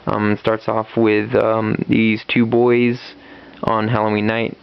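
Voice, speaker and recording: A man's voice: fairly low pitch, completely flat delivery, slow, vocal fry, clear, resonant tone. A man casually reviewing a comic book, retelling the story with lots of fillers and restarts. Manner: rambling, many fillers and restarts. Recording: dull lo-fi recording.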